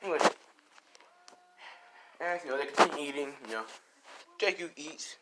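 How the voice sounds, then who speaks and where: A man's voice: fairly high pitch, expressive, normal speed. A young man casually narrating an improvised fan story, rambling, swearing and full of fillers. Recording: noisy home recording.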